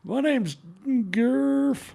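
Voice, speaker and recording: A man's voice: very high-pitched, extremely slow, vocal fry, warm tone, full character voice. A man voicing an odd, friendly fellow who offhandedly invites strangers to a party, in an improvised tabletop role-play.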